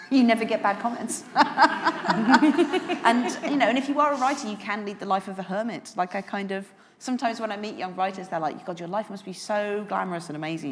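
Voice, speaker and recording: About fifty and from England's West Midlands, a woman appears as a guest author on stage at a lunch event, chatting candidly and laughing often. Her voice is deep, and the sound carries the feel of a large hall, a big hotel function room.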